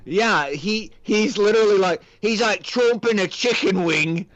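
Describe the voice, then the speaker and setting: A man's voice: high-pitched, a little slow, a bit bright, no echo, muffled recording. A man co-hosting a film podcast, chatting casually with wry, crude humor. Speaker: podcast co-host. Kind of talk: casual film review chat.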